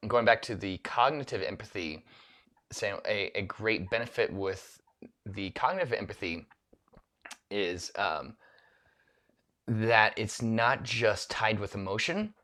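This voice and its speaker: Low-voiced man coaching on speaking. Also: unhurried, pauses often, sharp tone. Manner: rambling, self-correcting, with many restarts and filler words. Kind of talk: solo talk to camera on empathy.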